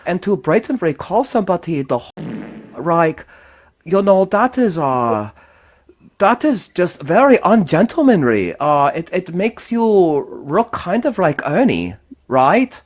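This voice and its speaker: Lively man lecturing with hesitations. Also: high voice, slow pace. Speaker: panel participant.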